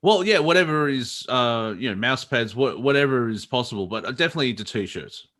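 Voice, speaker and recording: A man's voice: mid-range voice, lively intonation, fairly quick, a bit bright. A man co-hosting a comedy show, chatting casually, laughing often and rambling through restarts. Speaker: comedy podcast co-host.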